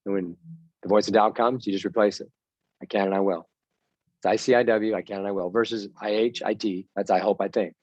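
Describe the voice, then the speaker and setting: A man's voice: lowish voice, a little mellow, no echo, muffled recording. A man giving a motivational talk to baseball players as their mental coach, punchy and repetitive, having them chant mantras.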